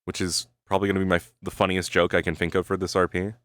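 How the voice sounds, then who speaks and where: A man's voice: sits low, flat delivery, racing, fairly bright tone, no room sound, studio quality. A male streamer chatting casually with his viewers, thinking aloud, swearing freely and tagging his sentences with "right?". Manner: rambling, swears freely, keeps adding "right?"; talks to his chat while thinking aloud. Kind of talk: casual live-stream chat.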